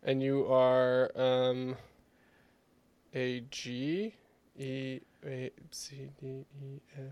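A man's voice: mid-range voice, little pitch movement, very slow, a little mellow, clean tone, dry recording, dull audio. A man co-hosting a podcast, chatting casually and laughing through playful banter. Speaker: podcast co-host. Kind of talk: casual chat.

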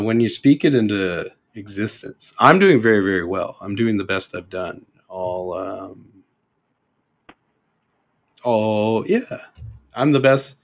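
A young man with a Canadian accent talks in a loose, rambling way, filling gaps with ums and circling back to restart his sentences. His voice sits a little on the low side. The feel is a relaxed podcast conversation. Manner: rambling, halting, with many fillers and self-corrections. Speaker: podcast guest. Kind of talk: casual chat.

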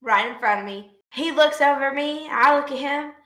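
A woman, co-hosting a podcast and telling stories in a casual, profane, animated way. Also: high voice, brisk, echoey room. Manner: profane, animated storytelling with laughs. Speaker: podcast co-host. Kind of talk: casual storytelling chat.

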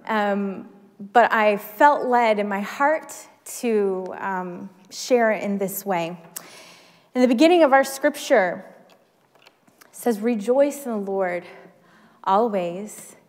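A woman's voice: medium pitch, animated, takes it slowly. A woman pastor giving a sermon, chatty and self-deprecating, who leads the congregation in singing. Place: church sanctuary. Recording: long hall reverb.

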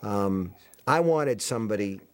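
Male author on a commentary track: thoughtful and unhurried, pausing with "uh"s. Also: fairly low pitch, expressive. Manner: reflective, with many hesitations. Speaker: author of the book. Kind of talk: film commentary.

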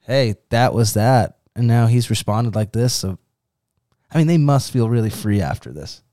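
A man co-hosting a casual Bible discussion, talking in a relaxed, thoughtful way and often hedging with filler words. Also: mid-range voice, normal speed, no echo, studio quality. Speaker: podcast co-host.

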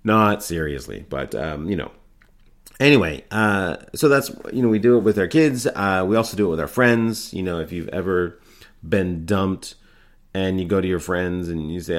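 A middle-aged man with a very low voice talks through an improv lesson. He speaks informally, rambling and restarting his sentences with plenty of fillers. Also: moderate pace. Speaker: improv teacher.

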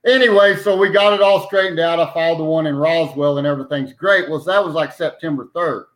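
A man's voice: on the high side, fast talker, fairly bright tone, poor audio. A man casually telling a long story in a folksy, rambling way, often circling back with "anyway.". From New Mexico. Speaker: podcast guest, citizen petition organizer.

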